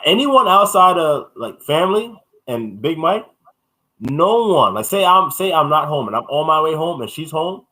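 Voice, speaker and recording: Man co-host, blunt and animated, forceful bright tone, casual podcast chat. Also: fairly high pitch, moderate pace, low-quality recording.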